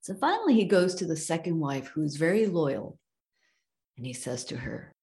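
A woman's voice: low-pitched, sing-song, moderate pace, darkish tone. A woman presenting in a webinar, telling a parable in a conversational way, often checking in with her listeners. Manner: conversational, checks in with "okay?" and "you know". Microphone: video call.

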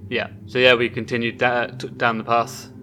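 A man playing a tabletop game, slowly describing what his character does. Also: mid-range voice, level tone, sharp tone, a little hiss or hum. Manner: slow, deliberate, describing his character's actions. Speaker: player. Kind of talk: casual tabletop play.

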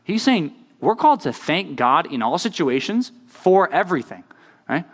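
A man's voice: a little high, very animated, moderate pace. A young man preaching to a youth group in a chatty way, checking in with his listeners by asking "right?" over and over. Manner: conversational, keeps asking "right?". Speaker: youth pastor. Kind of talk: sermon.

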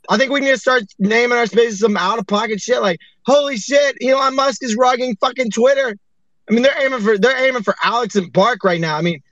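A man with a high, tense-sounding voice rambles and swears as he hosts a casual online chat, plainly exasperated. The sound is dry and close, with dull, lo-fi audio. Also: fairly bright tone, dry recording. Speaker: host.

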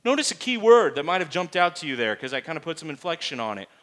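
Male pastor, slightly high voice, emphatic sermon delivery, lots of rhetorical questions. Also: very animated, fast, fairly bright tone. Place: church.

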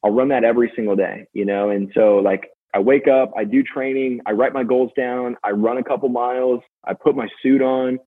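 Guy on a call, husky voice, tinny phone line, rattles off stories w lots of fillers. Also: mid-range voice. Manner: fast, energetic storytelling with many fillers. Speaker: podcast guest, sales manager. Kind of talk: casual interview talk.

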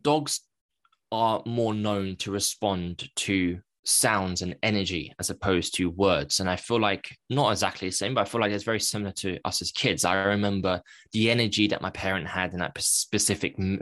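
Guy, lowish voice, guest on a podcast telling his own story, thoughtful, keeps correcting himself, dry sound. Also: normal speed, a bit bright, no room sound. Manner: candid, reflective, frequent self-corrections. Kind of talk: personal storytelling in a podcast interview.

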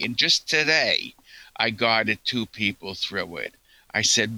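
A man speaks as an interview guest in a slightly low, bright, forceful voice. He talks slowly and earnestly, telling stories and acting out quoted lines. The sound is dry and close. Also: expressive, no room sound, low-quality recording. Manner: earnest, storytelling, quotes others. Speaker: guest scientist. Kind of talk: interview answers.

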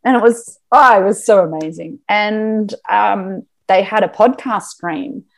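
A woman chats as a podcast guest in a relaxed interview. She talks in an animated way and leans on fillers as she goes. Her voice sits at an average pitch. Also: a little slow, gravelly. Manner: chatty and animated, many fillers. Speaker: podcast guest, marketing business owner. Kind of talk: casual interview chat.

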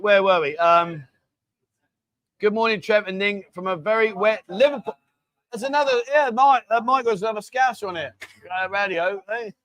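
A man's voice: high-pitched, sharp tone, no echo. A man hosting a casual livestream from a bar, chatting with the staff and reading out viewer comments. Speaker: livestream host.

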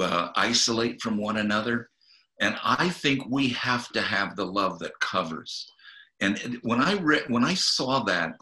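A man, a guest minister, earnestly retelling a Bible story in an interview, with halting restarts, and acting out the quotes. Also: on the low side, sharp tone. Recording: echoey room.

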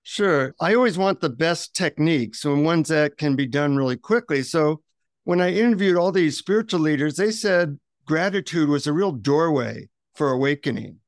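Male author guest, fairly high voice, lively anecdotal delivery, dry close sound. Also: normal speed, dry recording. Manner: lively, self-mocking anecdotes. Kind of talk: interview storytelling.

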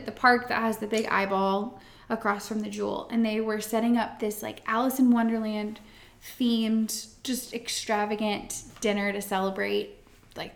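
A woman co-hosting a podcast, telling a long story in an animated casual way, full of "like" fillers. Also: on the high side, roomy sound. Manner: animated storyteller, acts out quotes, many "like" fillers. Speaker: podcast co-host, event florist.

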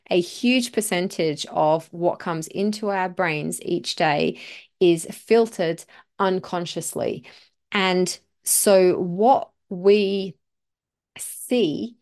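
Earnest woman with a lowish voice. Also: a little mellow. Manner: earnest, emphatic, repeats phrases for effect. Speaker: podcast host. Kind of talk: solo motivational podcast talk.

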